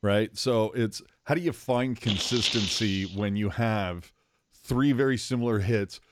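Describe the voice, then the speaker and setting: A man co-hosting a hockey podcast in casual chat, excitable and slangy, calling his co-host "dude". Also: lowish voice, a little slow, noisy background.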